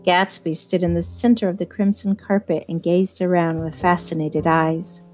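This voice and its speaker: A woman reading a novel aloud in first-person narration, measured and even. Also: lowish voice, soft background music. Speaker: audiobook reader.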